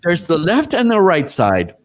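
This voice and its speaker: A man with a somewhat high voice tells a long story in a casual podcast chat. He is animated and profane, slipping into the voices of the people in the story. His delivery is loose and conversational. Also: unhurried. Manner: animated storyteller who swears freely and acts out other people's lines. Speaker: event DJ telling a story.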